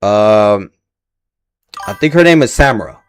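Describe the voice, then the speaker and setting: A low-pitched man talks off the cuff as he hosts his own livestream reaction. His voice swings up and down with lively energy, loose and slangy, cursing now and then and tripping over names as he goes. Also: measured pace, slight background noise. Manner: rambling, slangy and profane, stumbles over names. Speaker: livestream host reacting to casting news.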